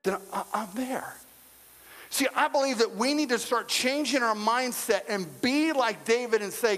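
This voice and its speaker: Guy pastor preaching, kinda high voice, chatty and jokey with the crowd, big echoey church hall. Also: lively intonation, normal speed, a bit bright. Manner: conversational preaching with humor and repetition; addresses the congregation directly. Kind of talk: sermon. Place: church sanctuary with a congregation. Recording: long reverb of a large hall.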